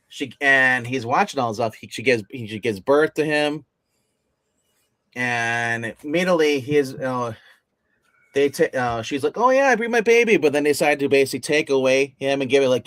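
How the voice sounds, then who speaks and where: A man on a casual comic review livestream, talking with lots of fillers and restarts and getting animated as he retells scenes. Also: medium pitch, no room sound. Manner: rambling, many fillers and restarts. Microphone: phone.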